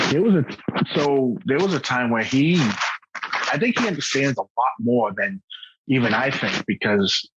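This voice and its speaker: A man speaking as a podcast guest in candid personal conversation, halting and earnest, often restarting his sentences. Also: mid-range voice, a bit bright, slight background noise. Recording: dull lo-fi podcast audio.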